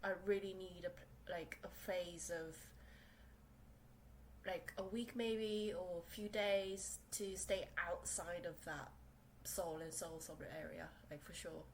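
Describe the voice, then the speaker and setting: Poor audio with slight background noise carries a slow, fairly evenly intoned voice on the low side. It belongs to a young South Korean woman hosting a casual solo podcast in English, her second language, from a small room, rambling with many fillers and restarts.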